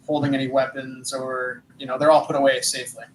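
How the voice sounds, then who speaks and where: A man playing a tabletop game, speaking haltingly with fillers. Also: mid-range voice, level tone, echoey room, a little hiss or hum, rough recording. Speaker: player.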